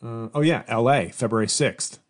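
A man's voice: medium pitch, moderate pace. A man hosting his own comedy podcast from a home studio, talking casually and rambling with lots of restarts. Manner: rambling, self-interrupting, mock-whiny when imitating fans. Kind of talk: casual solo podcast monologue.

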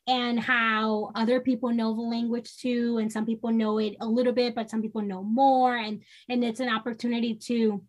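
A woman from New York state talks as a guest in a casual podcast interview. Her voice sits a little high, and she speaks earnestly and with energy. Now and then she acts out the voices of people she quotes. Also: little pitch movement, moderate pace, hardly any pauses. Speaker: podcast guest, social worker.

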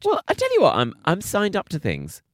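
A man's voice: high voice, wildly swooping pitch, brisk, no room sound. Man, podcast co-host, casual chat, teasing, dry close recording. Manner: playful, laughs often, teasing.

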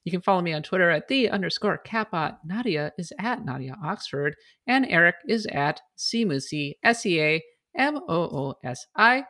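An upbeat woman hosts a casual podcast, her voice sitting a little low for a woman. She rattles through announcements and thank-yous with easy friendliness. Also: lively intonation. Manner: upbeat, reads show notes and shout-outs briskly. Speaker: podcast host.

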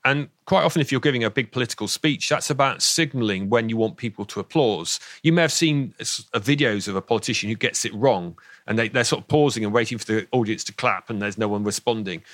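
A man's voice: medium pitch, fairly bright tone, no echo. Southern English man, dry studio sound. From southern England. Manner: enthusiastic, explanatory, repeats words when starting sentences, laughs now and then. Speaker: expert guest on voice and speech. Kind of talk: radio interview. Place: radio studio.

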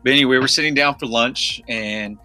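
A man's voice: mid-range voice, fairly quick, pushed and bright, soft background music. An American man co-hosting a podcast, telling a story in a rambling, casual way with fillers and restarts. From United States. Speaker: podcast co-host.

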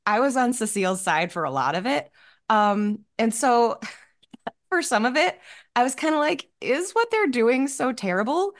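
A woman co-hosting a casual film talk, animated and breaking into laughs between thoughts. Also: a little high. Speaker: podcast co-host.

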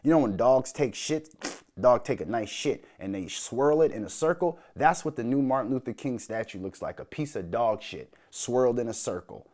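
An angry podcast host from Minnesota, USA, rants alone at the mic, loud and swearing constantly. His mid-range voice is expressive at a moderate pace, and he throws in mocking impressions of other people's voices.

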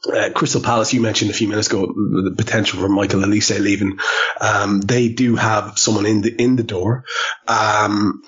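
Male podcast co-host, husky, slightly muffled lo-fi sound, hesitant chatty delivery. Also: fairly low pitch, little pitch movement, moderate pace, a bit bright. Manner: hesitant, many fillers. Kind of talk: casual football podcast chat.

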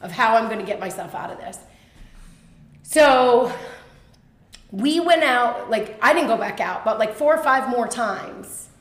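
A woman with a fairly high voice tells a personal story. She is animated and quick, with plenty of fillers. The room around her sounds echoey. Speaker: podcast guest.

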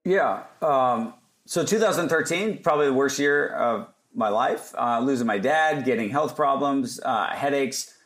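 A man's voice: medium pitch, a little slow, a bit bright. A man as a podcast guest, telling casual stories and acting out other people's lines as he goes. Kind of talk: casual storytelling interview.

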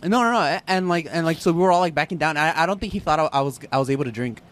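A man's voice: on the high side, rapid-fire, fairly bright tone. A man co-hosting a casual podcast, rambling with many fillers. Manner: rambling, filler-heavy, agreeable. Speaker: podcast co-host.

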